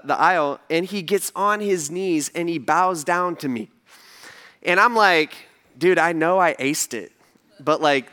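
A man with a high, clear, resonant voice gives a sermon from the stage of a church. His delivery is animated storytelling, full of humor and casual asides to the congregation in front of him.

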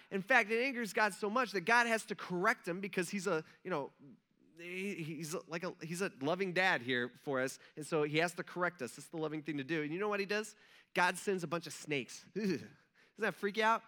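A male pastor with a high-pitched, bright, forceful voice tells a story from the pulpit. His delivery is loose and chatty, and he slips into quick acted-out lines of dialogue. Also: expressive. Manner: conversational, chatty, acts out quotes, frequent "like". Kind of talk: casual storytelling sermon.

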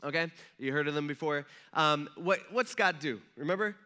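Pastor guy preaching, chatty and jokey, fairly high voice, keeps asking the crowd stuff. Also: normal speed, sharp tone. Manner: conversational, joking, asks the audience questions. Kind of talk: sermon. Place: church.

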